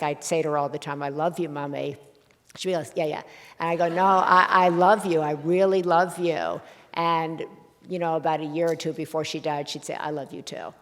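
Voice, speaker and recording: A woman hosting a heartfelt conversation, speaking softly and reflectively, pausing often with fillers as she thinks. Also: low voice, long reverb tail. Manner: soft-spoken, reflective, pauses with fillers. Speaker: host.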